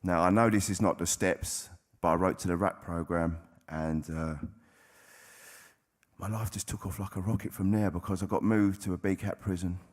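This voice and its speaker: A man's voice: low-pitched, steady tone, normal speed. A man giving a candid personal testimony to an audience, speaking bluntly and swearing freely. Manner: blunt, plain-spoken, with frequent swearing. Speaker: recovering addict sharing at a convention.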